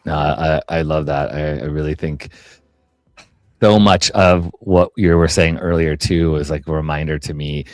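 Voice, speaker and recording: A man's voice: extremely low pitch, fairly even intonation, unhurried, dry recording, clean studio sound, faint music behind. A man hosting a podcast, talking in an affirming, reflective way in a casual conversation. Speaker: podcast host.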